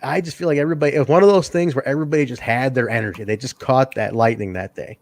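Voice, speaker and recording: A man co-hosts a casual wrestling review podcast, telling stories animatedly, laughing often, swearing, and acting out quotes in a higher voice. He talks at a racing pace, and the recording is dry.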